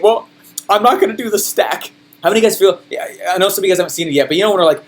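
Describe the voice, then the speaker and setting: A man coaching a group on sales, emphatic and high in energy. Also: rapid-fire.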